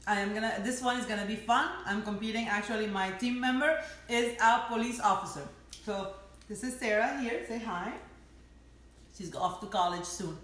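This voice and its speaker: A woman's voice: mid-range voice, normal speed, a bit bright. Chatty woman hosting a cooking stream. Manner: chatty, teasing, laughs often. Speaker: cooking show host. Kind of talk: casual live cooking chat. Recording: echoey room with faint noise.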